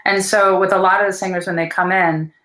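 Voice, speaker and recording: A woman's voice: lowish voice, little pitch movement, a little fast, a bit bright, roomy sound, low-quality recording. A woman speaking as a voice teacher in a casual interview, earnest and thoughtful, with many fillers.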